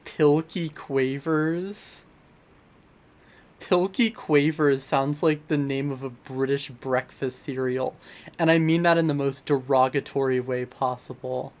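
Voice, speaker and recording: Slow, dry-joking streamer. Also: medium pitch, steady tone. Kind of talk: casual chat with viewers.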